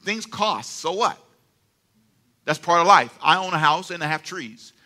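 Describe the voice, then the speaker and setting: A man's voice: fairly high pitch, a little slow. An older man preaching a sermon as pastor, telling stories with laughs and calling for amens from the congregation. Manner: animated storytelling with laughs and call-and-response. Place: church sanctuary.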